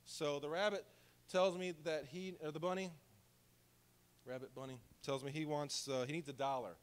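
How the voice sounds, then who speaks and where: A man's voice: a little high, fairly even intonation, normal speed, clean tone. A male pastor preaching a sermon in a church, in a conversational, humorous storytelling way. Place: church sanctuary.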